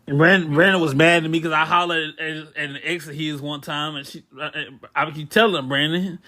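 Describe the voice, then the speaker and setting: A man's voice: on the high side, steady tone, normal speed, pushed and bright. A man co-hosting a casual podcast, stammering and restarting as he steers the talk toward scripture. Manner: stammers and restarts, repeating words; preachy, turns talk to scripture. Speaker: podcast co-host.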